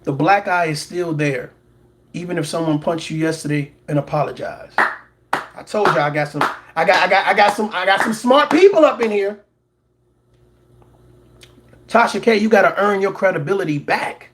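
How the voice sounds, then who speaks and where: A man's voice: sits high, normal speed, pauses often, background noise. A man hosting a reaction commentary show, preaching at his audience, repeating words for emphasis and mocking others in put-on voices. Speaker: commentary channel host.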